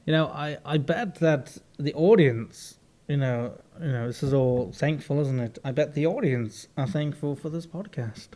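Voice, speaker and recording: A man's voice: a little high, unhurried, few pauses, mellow. A young man co-hosting a comedy podcast, dry and sardonic in casual banter. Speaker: podcast co-host.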